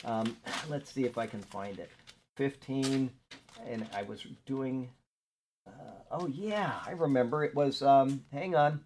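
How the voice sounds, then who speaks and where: A man's voice: medium pitch, unhurried, a little mellow. A man teaching a Bible study as a pastor, chatting casually, stopping to look up verses, and reading scripture aloud with emphasis. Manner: conversational, digresses while looking up verses.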